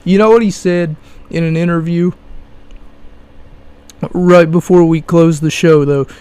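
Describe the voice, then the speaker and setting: A young man hosts his own podcast alone, ranting in a mocking tone with sudden loud bursts of passion. He talks at a slow, drawn-out pace in a fairly high voice. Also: steady tone, clean tone, no room sound. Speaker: podcast host. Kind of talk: solo podcast rant.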